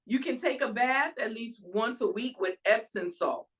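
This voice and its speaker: A woman hosting her own show, giving an animated faith-based talk on soul care and self-care. She calls her listeners y'all and checks in with them, asking "all right?". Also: fairly high pitch, normal speed. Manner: emphatic, preacher-like cadence. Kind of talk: casual inspirational talk.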